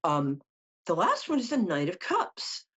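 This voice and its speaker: A middle-aged woman reads tarot for callers in a loose, joking style full of side stories. Her voice is husky and sits low, but it swings animatedly up and down. The sound is dull and lo-fi, like broadcast radio. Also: huge pitch swings, a little slow, fairly bright tone. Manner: chatty, joking asides. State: tired from no sleep. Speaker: psychic host. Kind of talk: casual tarot reading on call-in show.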